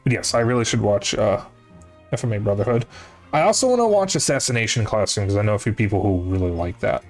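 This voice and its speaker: A man's voice: fairly low pitch, very animated, quick pace, darkish tone. Rambling young man chatting to stream. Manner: rambling, self-correcting, casually profane. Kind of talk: casual chat to a live chat. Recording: faint music behind voice.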